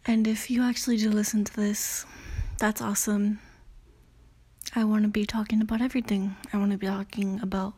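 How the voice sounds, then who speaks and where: Young woman, late teens, podcast host, breathy husky voice, dark mellow tone, rambling, self-conscious, swearing, casual solo talk. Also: mid-range voice, level tone, brisk. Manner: frequent "you know" and "I don't know".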